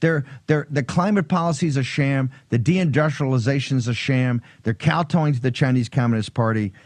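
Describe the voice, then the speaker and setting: A man's voice: medium pitch, a little fast, no echo. A man hosting a political talk show, emphatic and combative.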